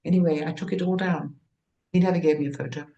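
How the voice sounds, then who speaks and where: A woman's voice: fairly low pitch, fairly even intonation, fast, warm tone, muffled recording. An older woman, an actress being interviewed, talking in a rambling, anecdotal way with frequent restarts. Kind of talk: casual conversation.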